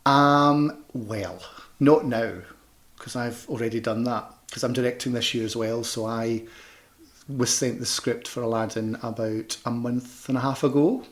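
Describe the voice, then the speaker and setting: A chatty man with a Scottish Glasgow accent talks about panto work in a loose, rambling way. He often restarts his sentences and fills the gaps with "um" and "you know". His voice sits at an ordinary, middle pitch. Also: fairly even intonation, a little slow. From Scotland. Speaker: panto performer and director. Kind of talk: casual interview chat.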